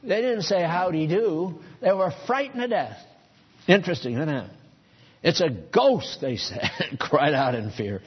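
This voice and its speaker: A man's voice: a little high, expressive, unhurried, husky, dull audio. A man preaching a sermon in a church, folksy and conversational, chuckling at his own asides.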